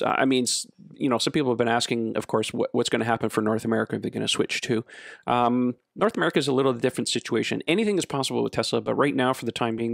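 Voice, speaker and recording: A man hosting a casual podcast, talking in a relaxed, rambling way with lots of fillers. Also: mid-range voice, gravelly, dry recording, clean studio sound. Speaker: podcast host.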